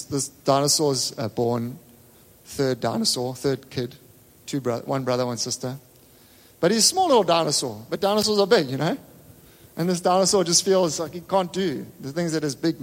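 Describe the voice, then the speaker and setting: Pastor, male, high-pitched, emphatic repeating preacher, loud-soft swings, long church-hall echo. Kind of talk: sermon.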